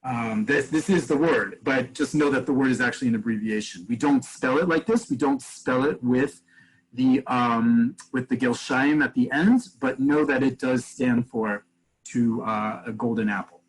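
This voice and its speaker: A man with a husky voice leads a webinar over a video call. He explains each point step by step and stops to take questions from the chat. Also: mid-range voice, normal speed, poor audio. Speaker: Hebrew teacher. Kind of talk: webinar teaching.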